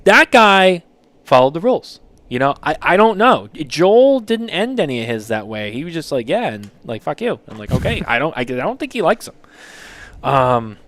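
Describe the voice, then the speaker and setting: A man's voice: on the high side, sing-song, moderate pace, a bit bright. A man hosting a casual show, reading listener submissions aloud and reacting with loose, joking, profane commentary. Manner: loose, joking, swears freely, reads out and reacts. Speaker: podcast host.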